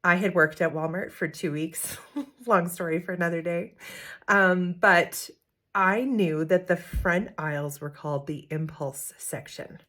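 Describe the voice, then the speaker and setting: Laughing, animated mom telling a story. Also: female voice, on the low side, measured pace. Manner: animated, laughs often, acts out quotes. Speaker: parenting coach. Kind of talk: storytelling to camera.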